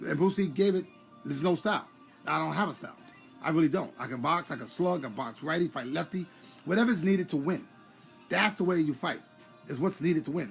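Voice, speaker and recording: On a live stream, a middle-aged former boxer from New York talks casually and at length, greeting viewers by name as he goes. His gravelly voice sits a little high for a man, with faint music playing in the background.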